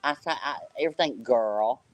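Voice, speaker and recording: A woman's voice: extremely low pitch, moderate pace, no room sound, rough recording. A woman in her fifties from Tennessee with a Southern accent, chatting folksily on an online panel and calling everyone girl and honey. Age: 50s. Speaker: panel guest. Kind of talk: casual online panel chat.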